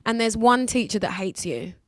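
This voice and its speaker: A young woman in her twenties, a singer chatting candidly as a guest in a radio interview, lively and acting out other people's lines. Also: medium pitch, normal speed, no echo, clean studio sound. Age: 20s. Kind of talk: casual radio interview chat.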